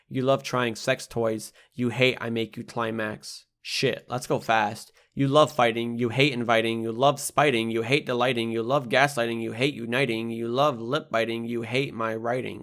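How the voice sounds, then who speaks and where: This is spoken-word poetry: a young poet with an ordinary mid-range voice reads his own collection for an audiobook at a moderate pace with few pauses. The rhymes hit hard over a steady hip-hop beat, and the profanity comes out blunt and unapologetic.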